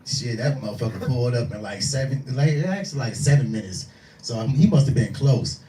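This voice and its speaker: A man's voice: mid-range voice, fairly quick, background noise. A man doing stand-up at a live lounge show, ranting through a profane story and acting out every quote. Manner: profane, animated, rants and acts out quotes. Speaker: stand-up comedian. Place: lounge venue with live audience. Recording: roomy venue, distant mic, faint crowd.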